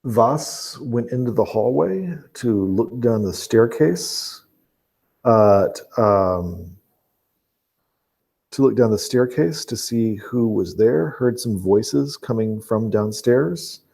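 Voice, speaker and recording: A man narrating a tabletop role-playing game as game master, talking haltingly with fillers and restarts. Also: mid-range voice, expressive, vocal fry, a little mellow.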